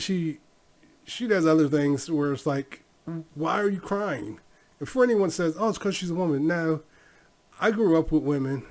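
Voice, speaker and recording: Blunt, rambling middle-aged man. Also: on the high side. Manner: blunt, rambling storytelling with fillers. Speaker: podcast host. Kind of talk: casual solo podcast monologue.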